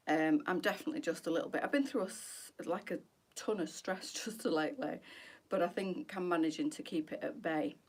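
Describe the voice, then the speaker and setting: Chatty woman hosting a boutique live stream. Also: on the low side. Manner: greets viewers by name, affectionate and gushing.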